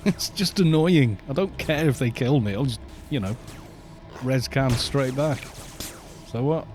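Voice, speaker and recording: A middle-aged man from Wales with a mixed, softened Welsh accent, chatting casually on a gaming live stream, laughing often and grumbling at other players. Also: medium pitch, a little slow, background noise. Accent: mixed British with softened Welsh. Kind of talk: casual live-stream chat while playing.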